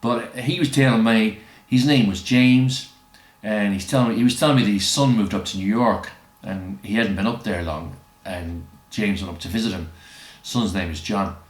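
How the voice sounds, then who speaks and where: A man's voice: on the low side, moderate pace. A man telling rambling, chuckling anecdotes in casual chat. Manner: rambling, chuckling, doing quoted voices. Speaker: storyteller. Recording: roomy echo.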